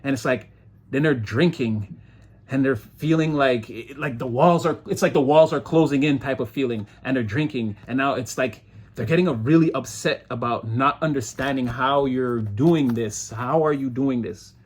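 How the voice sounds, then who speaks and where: A man with a husky, medium-pitched voice does a casual tarot reading at a normal speed, wandering loosely from point to point. He mocks people by imitating their voices when he quotes them.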